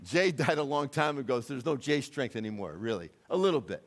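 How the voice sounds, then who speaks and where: An American man preaching a sermon in a church, moving between quiet conversational asides and loud, urgent climaxes. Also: animated, a little fast, gravelly. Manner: impassioned, rising to loud urgent peaks then dropping low and conversational. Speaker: guest preacher. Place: church sanctuary.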